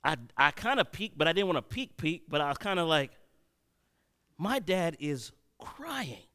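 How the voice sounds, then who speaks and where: A man preaching a sermon, telling a personal story and swinging between loud and hushed delivery. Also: fairly high pitch, sing-song, moderate pace.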